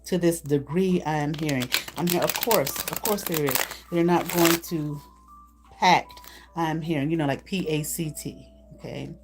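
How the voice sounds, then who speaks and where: A woman's voice: low voice, normal speed, music in the background. A woman doing a live card reading, talking bluntly and profanely while laughing often between remarks. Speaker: intuitive card reader.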